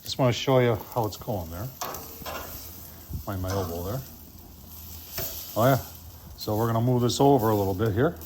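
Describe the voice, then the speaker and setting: A man's voice: on the low side, normal speed, pauses often, darkish tone, a little hiss or hum. A man hosting his own channel, casually reviewing a gas grill while cooking and chatting to viewers in a folksy way.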